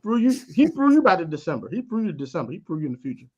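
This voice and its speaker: A man doing animated sports banter, mocking players in a theatrical way, his loudness swinging from quiet to loud. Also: sits high, very fast, slight background noise. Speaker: co-host. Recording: dull lo-fi audio.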